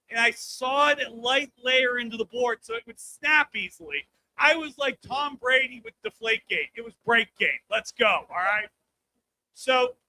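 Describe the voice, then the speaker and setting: Bright, high-voiced brash male comic. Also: slight background noise, rough recording. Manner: brash, crude punchlines, keeps checking in with "all right?". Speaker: stand-up comedian. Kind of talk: stand-up comedy set. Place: live comedy show stage.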